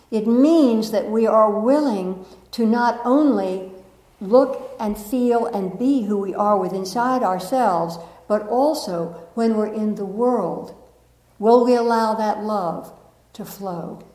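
A woman giving a spiritual talk to a live audience, gentle and reflective, often laughing at herself and asking the room questions. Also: a little high, slow, reverberant, low-quality recording. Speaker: spiritual teacher.

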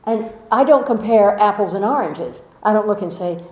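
A woman giving a gentle, coaxing inspirational talk as a spiritual teacher, often asking rhetorical questions of her listeners. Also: mid-range voice, animated, moderate pace, echoey room, rough recording.

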